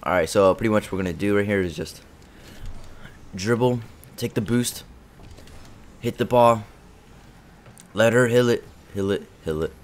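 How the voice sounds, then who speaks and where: A young man giving live commentary over his own gameplay, excitable and trash-talking, swinging between muttering and shouting. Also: lowish voice, moderate pace, pauses often. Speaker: gaming video creator.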